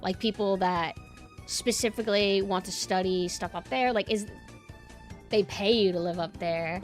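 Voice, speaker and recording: A woman's voice: mid-range voice, fairly even intonation, moderate pace, soft background music. A young woman streamer chatting casually with her viewers and ranting bluntly, swearing freely.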